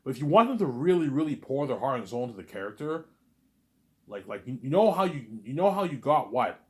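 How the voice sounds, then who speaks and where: A man rambling in a casual monologue, animated and repetitive, arguing with an imagined listener. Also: medium pitch, fairly quick. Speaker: vlogger.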